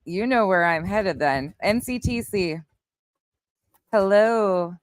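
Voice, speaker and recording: Streaming live outside on a windy night, a woman chats casually and bluntly with viewers, greeting them by chat name and occasionally swearing. Her medium-pitched voice has lively intonation, she speaks slowly, and there's no room sound.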